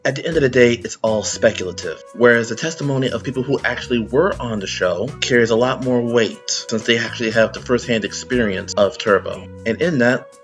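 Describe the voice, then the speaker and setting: A man narrating a scripted commentary in an even, measured way. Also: mid-range voice. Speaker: video narrator. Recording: music playing underneath.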